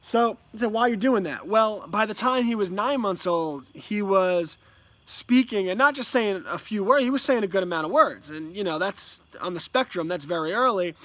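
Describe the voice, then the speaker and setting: A man's voice: high voice, lively intonation, normal speed, fairly bright tone, no room sound. A man speaking as a homeschooling parent in a casual monologue, rambling with many ums and restarts at home.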